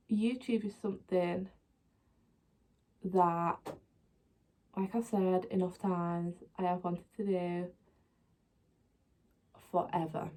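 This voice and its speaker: A young woman chatting casually and rambling while doing her makeup, pausing as she works. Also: fairly low pitch, a little mellow. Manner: chatty, rambling, laughs often; talks while applying makeup, often pauses. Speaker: beauty vlogger.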